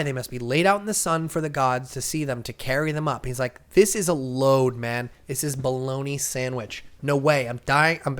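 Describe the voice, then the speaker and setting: A young man co-hosting a casual podcast, retelling a comic story with lots of acted-out lines and sudden shouts. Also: mid-range voice. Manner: animated storyteller, acts out characters' lines. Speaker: podcast co-host. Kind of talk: casual comic-book recap chat.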